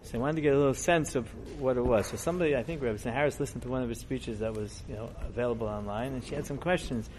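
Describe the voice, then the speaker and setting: A middle-aged man, a rabbi, giving a storytelling sermon in a conversational, digressive way that grows animated as the story builds. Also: mid-range voice, racing, hardly any pauses, a little hiss or hum.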